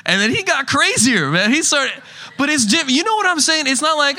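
A man's voice: very high voice, big pitch swings, fairly quick, bright, forceful tone. A young man preaching a casual sermon, rambling with frequent restarts and chuckling through stories. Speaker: pastor.

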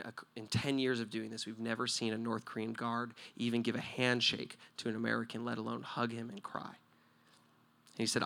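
A man preaching a sermon with a bright, ringing voice. He swings between loud, emphatic points and hushed storytelling. He keeps checking in with the room, tossing out a quick "right?". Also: medium pitch, gravelly. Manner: talks to the listeners directly with frequent "right?".

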